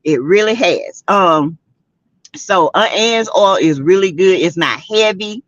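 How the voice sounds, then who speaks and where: An older woman with a Southern US accent hosts a casual gossip livestream, sassy and animated, laughing often and greeting viewers by name. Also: mid-range voice, takes it slowly, no echo. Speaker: host of a celebrity gossip livestream. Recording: dry, dull lo-fi webcam audio.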